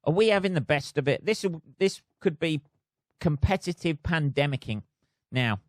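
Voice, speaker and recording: A man's voice: on the high side, expressive, moderate pace, dry recording, clean studio sound. A man hosting a podcast alone, rambling in a sweary, self-mocking way. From United Kingdom. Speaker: podcast host. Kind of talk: casual solo rant. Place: flat.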